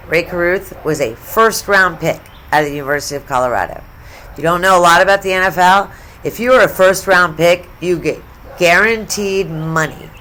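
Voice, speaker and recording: A woman's voice: fairly low pitch, fairly bright tone. A middle-aged woman from the United States telling stories in a casual sports vlog, chatty, blunt and profane, with asides. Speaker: sports vlogger.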